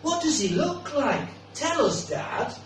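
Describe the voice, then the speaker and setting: A man's voice: very high voice, very animated, takes it slowly, fairly bright tone, soft background music, pitched above the performer's own voice, exaggerated voice. A man voicing a small, curious monster child who insists it is brave. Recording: echoey room, mic far off.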